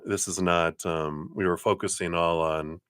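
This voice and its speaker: Tarot reader, male, very deep voice, dry close sound, meandering delivery with plenty of ums and laughs. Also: steady tone, a little slow, fairly bright tone, smooth, dry recording. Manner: meandering, many fillers and self-corrections; laughs often between remarks. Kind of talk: live-stream card reading.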